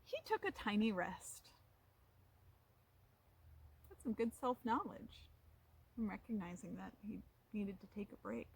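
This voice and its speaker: A woman reading a picture book aloud to children, pausing to ask them questions in an animated way. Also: mid-range voice, vocal fry, breathy edge. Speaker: storytime reader.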